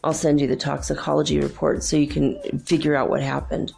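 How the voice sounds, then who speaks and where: A woman's voice: deep voice, level tone, a little fast, creaky, dark tone, faint music behind. A middle-aged woman hosting her show, telling a story in a chatty, exasperated way with lots of fillers. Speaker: host. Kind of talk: casual monologue to listeners.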